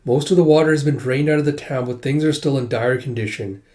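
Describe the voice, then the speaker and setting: Mellow-voiced man recapping a manga. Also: mid-range voice, fast talker. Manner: retells scenes with 'it's like' between quoted lines; loose conversational asides to the story. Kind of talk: casual manga read-through.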